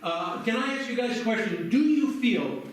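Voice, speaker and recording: An American man working as a stage hypnotist, giving slow, soothing suggestions to volunteers during a live show. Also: very high voice, expressive. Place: library hall before an audience. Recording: echoey hall, heard from far off.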